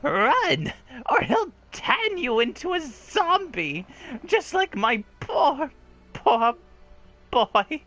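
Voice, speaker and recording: A woman's voice: high voice, sing-song, very slow, a bit bright, exaggerated voice. A woman putting on a grieving old village mother. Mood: ominous. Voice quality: rustic old-crone dialect, rasping "eh?". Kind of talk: reading game dialogue aloud in character.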